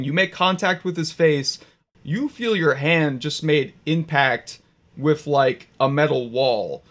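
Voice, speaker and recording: A man with a slightly raised voice narrates a tabletop fight as game master. His speech is loose, casual and full of curses and fillers. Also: on the high side.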